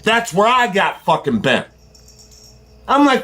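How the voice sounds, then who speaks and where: Man, heated profane rant, high-pitched, very animated delivery. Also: takes it slowly. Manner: profane, fired-up and confrontational. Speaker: delivery driver vlogger.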